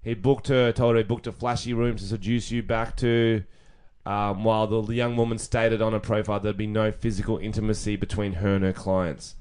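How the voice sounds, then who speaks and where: A man's voice: on the low side, little pitch movement, a little fast, a little mellow, clear, resonant tone. Young aussie guy riffing on a podcast, jokey, laughs at his own bits, cracks a lot of jokes. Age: young adult. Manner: joking, banter-heavy, laughs at own jokes. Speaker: podcast co-host. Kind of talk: casual podcast chat.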